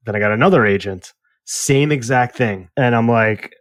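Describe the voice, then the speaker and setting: A man's voice: mid-range voice, moderate pace, no room sound, clean studio sound. Ranting man telling a story. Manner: animated ranting storyteller, swears. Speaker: podcast co-host. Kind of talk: casual chat.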